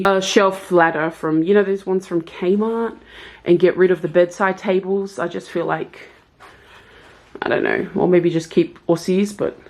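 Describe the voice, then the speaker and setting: A woman's voice: mid-range voice, darkish tone. A chatty young woman vlogging casually from her bedroom at home, rambling through her plans and purchases. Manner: chatty, rambling, self-aware. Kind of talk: casual vlog chat.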